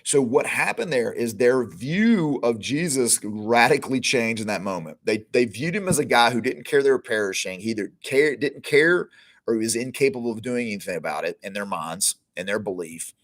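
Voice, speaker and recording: A man's voice: mid-range voice, lively intonation, normal speed. A middle-aged man hosting a podcast, giving a conversational Bible teaching that retells scenes with informal quoted lines. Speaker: podcast host teaching scripture.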